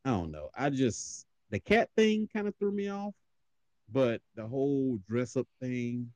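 Animated man chatting with a lively voice. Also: medium pitch, a little slow, no echo. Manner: animated storyteller, laughs often, mimics voices. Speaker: podcast host. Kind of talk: casual chat.

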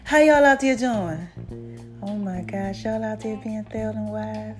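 A woman's voice: mid-range voice, a little slow, music in the background. A woman from South Jersey hosting her own podcast in a casual monologue, playful and sassy, calling her listeners "babies" and herself "Mama". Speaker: podcast host.

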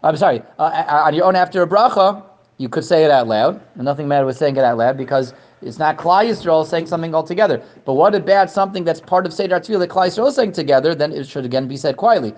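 A man teaching an informal Torah class, halting and repeating words, pushing his voice up to stress a point. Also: on the high side, darkish tone.

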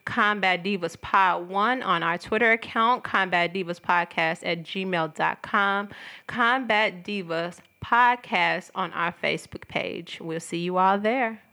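A woman co-hosting a podcast, reading out contact details in a brisk, upbeat sign-off. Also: on the low side, pushed and bright. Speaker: podcast co-host.

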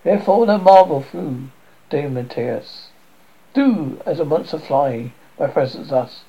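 A man reading the lines of a pleading, lovesick young woman in a halting way, on a dull lo-fi recording. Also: on the high side, creaky, slightly rough, heavily acted.

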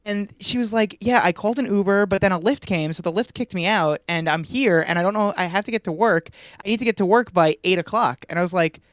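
A man's voice: high-pitched, quick pace, fairly bright tone, no room sound, clean studio sound. A young man in his twenties, a podcast co-host, telling a story in casual chat and laughing often as he goes.

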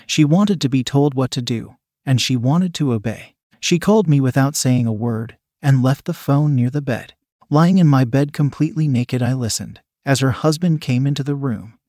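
A man's voice: mid-range voice, normal speed, dark tone, no room sound, clean studio sound. Man narrating a first-person story.

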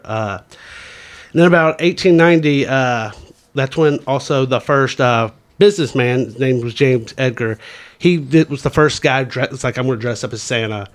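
American guy rambling through a casual podcast chat, lots of uh and like, middle-pitched voice. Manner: relaxed, rambling with many fillers. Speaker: podcast co-host.

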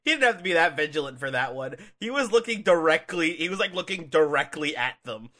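A man's voice: fairly high pitch, expressive, brisk, pushed and bright. A man co-hosting a casual podcast, talking loosely with lots of fillers and restarted sentences. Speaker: podcast co-host reviewing wrestling matches. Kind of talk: casual chat.

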